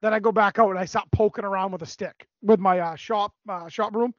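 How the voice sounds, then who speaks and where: A man on a podcast telling a long story in a casual, animated way, swearing a lot. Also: high voice, fairly quick, no echo. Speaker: podcast co-host. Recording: dry, dull lo-fi recording.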